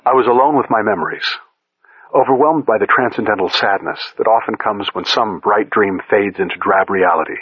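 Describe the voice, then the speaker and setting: Low-voiced man reading a story aloud. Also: slightly rough, no echo. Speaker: audiobook narrator. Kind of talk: scripted first-person story reading. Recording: dull lo-fi recording.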